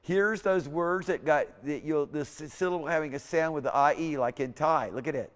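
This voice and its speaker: Speaking at a moderate pace in a slightly high voice, this man gives a loose, wandering lecture to a class, fixing his own mistakes and saying words aloud for students to hear. The lecture hall's reverb is audible.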